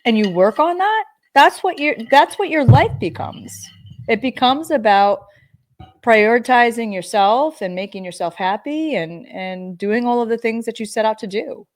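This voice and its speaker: Woman podcast host, casual chat, animated storyteller, swears freely. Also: fairly high pitch, moderate pace.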